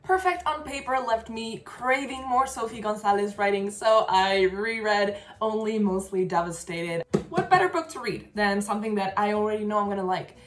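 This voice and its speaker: A woman's voice: mid-range voice, animated, normal speed, hardly any pauses, reverberant, faint music behind. A young woman talking casually and with enthusiasm as she reviews the books she read this month, laughing now and then. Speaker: book vlogger.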